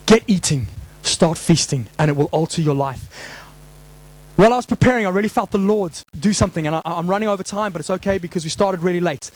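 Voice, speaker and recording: High-voiced impassioned male preacher. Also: rough recording. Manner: impassioned, emphatic preaching with rhetorical questions. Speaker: pastor. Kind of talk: sermon. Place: church hall before a congregation.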